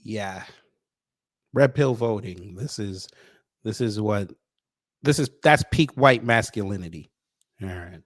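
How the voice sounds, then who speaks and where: A man hosting a casual commentary stream in an animated way, greeting viewers by name, recorded close and dry. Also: lowish voice, takes it slowly, pauses often, no echo. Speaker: YouTube commentary host.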